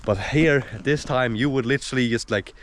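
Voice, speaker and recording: A man's voice: mid-range voice, moderate pace, a little hiss or hum. A young man narrating his vlog to a handheld camera, chatty and rambling with plenty of fillers. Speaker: vlogger.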